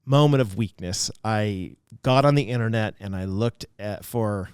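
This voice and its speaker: A man who is a pastor, speaking as a guest in a casual interview and telling stories in an animated way with frequent restarts. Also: fairly low pitch, unhurried, clear, resonant tone, no room sound, studio quality.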